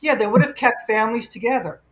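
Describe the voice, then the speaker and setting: A woman hosting a livestream in casual discussion. She explains her points in a steady, earnest way. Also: on the high side, quick pace. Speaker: livestream host.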